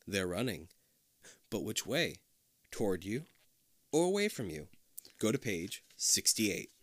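In a dry recording, a low-voiced co-host reads from a choose-your-own-adventure book at a measured pace but with great animation. It's a casual comedy read, loaded with swearing, frequent laughter and crude side comments.

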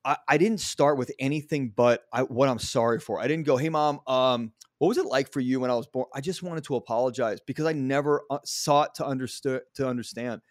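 A man's voice: mid-range voice, a little fast, few pauses, no echo, clean studio sound. A middle-aged man hosting a podcast, telling personal stories in a candid way and often swearing. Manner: candid, profane storytelling. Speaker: podcast host. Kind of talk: casual conversation.

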